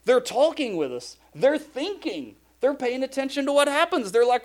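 A man's voice: very high-pitched, sing-song, moderate pace. A man preaching a sermon as a pastor, conversational and emphatic, driving points home with repeated phrases.

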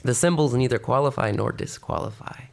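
Speaking a little fast in a creaky, mid-range voice, a preacher first reads from scripture and then urges his listeners on. His delivery is expressive throughout.

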